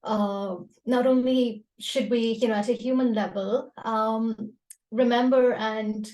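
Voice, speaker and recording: Mellow woman hosting on an echoey call. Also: fairly high pitch, steady tone, takes it slowly. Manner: hesitant, filler-heavy, appreciative. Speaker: event host. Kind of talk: hosting an online poetry evening. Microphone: video call.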